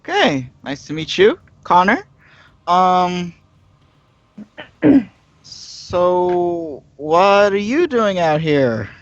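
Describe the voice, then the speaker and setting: A man's voice: high-pitched, big pitch swings, drawn-out words, pauses often, no room sound. A man speaks as his character in a tabletop game, taking his time and choosing his words politely. The sound is dull and lo-fi. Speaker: player. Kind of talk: in-character tabletop role-play.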